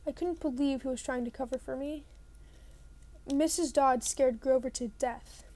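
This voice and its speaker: A woman's voice: high voice, fairly even intonation, normal speed, warm tone, slight background noise. A woman reading a novel aloud in the first person, narrating plainly and now and then rereading a line. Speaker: audiobook reader.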